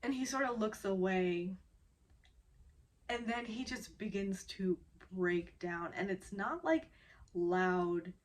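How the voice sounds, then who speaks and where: Slow-talking woman fighting back tears. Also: medium pitch. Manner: emotional, holding back tears; chatty and informal. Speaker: drama recap vlogger. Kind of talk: casual drama recap.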